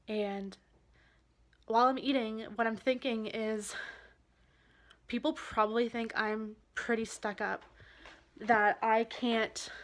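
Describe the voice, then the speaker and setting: A woman vlogger recounting a personal experience straight to the camera. Her voice sits a little high, and she speaks earnestly, pausing and restarting as the feeling catches up with her. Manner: earnest, halting, emotional. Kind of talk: candid personal storytelling.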